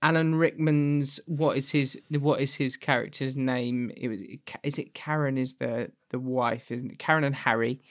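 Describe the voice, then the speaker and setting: A man co-hosting a casual podcast chat, animated and laughing often, his voice leaping up when he is outraged. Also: medium pitch, normal speed, few pauses. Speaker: podcast co-host.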